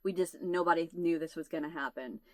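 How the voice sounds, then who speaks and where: Speaking fairly quickly in a low-sitting voice, free of echo, an American woman in her forties hosts her channel. She casually tells viewers a long, funny family tale, laughing all the way through.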